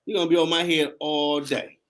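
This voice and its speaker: A man hosting a casual chat, telling animated, laughing stories in slangy talk. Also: a little high, a little fast. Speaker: host.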